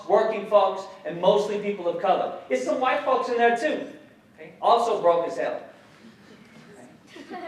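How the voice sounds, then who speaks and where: Animated male lecturer in an echoey hall. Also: high voice. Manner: animated, questions the audience, swears casually. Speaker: guest speaker, educator. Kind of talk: public lecture. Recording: echoey hall, mic some distance off.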